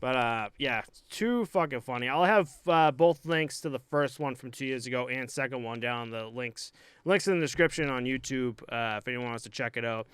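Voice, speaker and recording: Smooth-voiced young man, loose profane chat. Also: mid-range voice, moderate pace, a bit bright, no room sound. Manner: loose, profane, rambling with many fillers. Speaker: podcast co-host; hockey goalie. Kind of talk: casual podcast chat.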